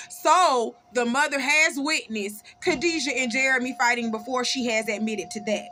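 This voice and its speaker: A woman's voice: sits high, normal speed, few pauses, pushed and bright. A woman hosting a casual commentary talk, blunt and emphatic, repeating her points for weight. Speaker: commentary channel host. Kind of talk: casual true-crime commentary.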